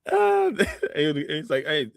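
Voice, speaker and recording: A man's voice: fairly high pitch, sing-song, brisk, a bit bright, no echo. A man hosting an interview show, laughing often and answering with slangy, encouraging remarks. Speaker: talk show host. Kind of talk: casual interview chat.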